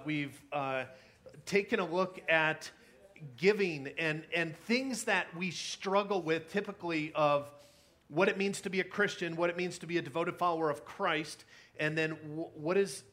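Bright-voiced man preaching a sermon. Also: a little high. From California. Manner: conversational storytelling with many fillers and restarts. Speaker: pastor.

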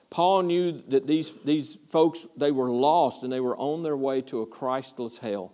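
A man's voice: a little high, moderate pace, few pauses, dark tone. A man pastor preaching a verse-by-verse sermon with earnest, repetitive phrasing. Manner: earnest, repetitive, stumbling restarts, rising to passion.

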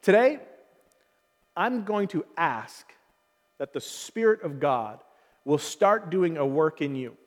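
A man's voice: on the high side, big pitch swings, takes it slowly, long pauses, long reverb tail. A man preaching a sermon as pastor, earnest and growing emphatic as he presses his point. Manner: earnest, building to emphatic calls. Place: church hall.

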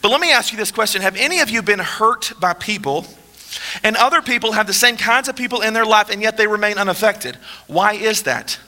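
A man's voice: high voice, sharp tone. A man, preaching a sermon in a casual, joking way and asking the audience rhetorical questions. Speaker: pastor. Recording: long hall reverb.

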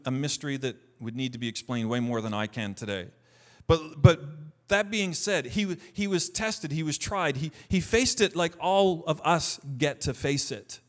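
Male pastor, slightly higher voice, conversational sermon, reads scripture with emphasis, frequent restarts. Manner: repeats words and restarts often.

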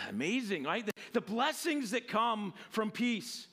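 Bright-voiced casual preacher, high-pitched man. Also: very animated, takes it slowly. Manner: casual, conversational preaching with many fillers. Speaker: pastor. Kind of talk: sermon with Bible reading.

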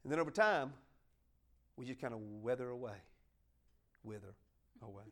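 A man's voice: medium pitch, expressive, brisk. A man preaching a folksy sermon, joking with his congregation and asking them to help him along. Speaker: pastor.

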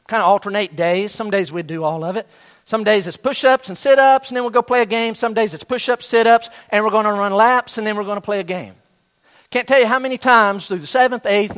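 A man's voice: high-pitched, a bit bright, smooth. A middle-aged man preaching a sermon, telling a story and acting out the voices of students and their coach. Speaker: pastor.

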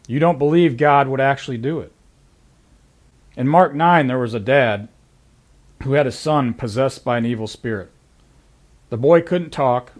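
A middle-aged man delivering a sermon in a conversational, earnest tone. His voice sits at an ordinary middle pitch. He talks plainly but rises with emphasis on the lines he wants to land. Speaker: pastor.

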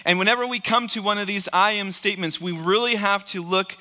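Bright, forceful preacher in an echoing hall. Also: male voice, high voice, steady tone, fairly quick. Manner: earnest, emphatic, repeats key phrases. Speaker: pastor. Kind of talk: sermon. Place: church sanctuary.

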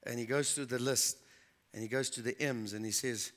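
A man's voice: mid-range voice, fairly even intonation, moderate pace, fairly bright tone. Earnest man preaching a sermon. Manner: earnest storytelling, repeats for emphasis.

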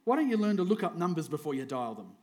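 A preacher putting on an irate middle-aged man barking into the phone, loud and indignant, his voice pushed higher than usual. He sounds offended and fed up. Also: sing-song, fast talker. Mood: heated.

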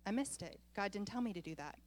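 A woman pastor preaching a sermon, telling a personal story in an animated way and laughing often as she goes. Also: mid-range voice, fast talker.

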